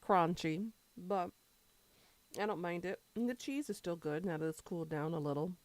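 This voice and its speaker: A woman's voice: on the low side, moderate pace, dry recording. A woman streamer chatting casually with her viewers, rambling between topics and answering chat while she eats.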